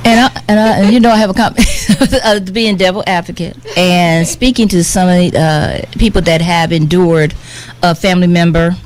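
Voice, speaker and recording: A woman's voice: fairly low pitch, moderate pace, a little mellow. A middle-aged woman talking heartfelt and earnest, often repeating herself as she searches for words. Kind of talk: heartfelt conversational talk.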